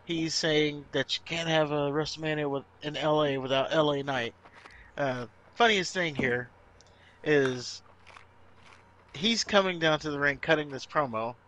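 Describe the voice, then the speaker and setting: A man's voice: on the high side, a little slow, fairly bright tone, slight background noise. A man co-hosting a podcast, casually recapping wrestling events and laughing often as he tells the story. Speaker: podcast co-host.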